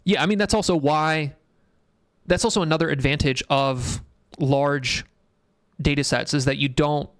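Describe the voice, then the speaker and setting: Young male streamer, casual and profane, slightly high voice, dry close mic. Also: fairly even intonation, moderate pace, long pauses, no echo. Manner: rambling, blunt and profane, reads chat aloud. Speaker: livestream host. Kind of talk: casual tech livestream commentary.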